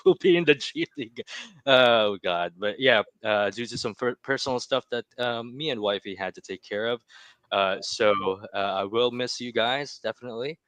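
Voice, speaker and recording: A man co-hosting a casual sports podcast, talking hesitantly with many pauses. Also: medium pitch, fairly bright tone, no echo. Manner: hesitant, lots of fillers. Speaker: podcast co-host.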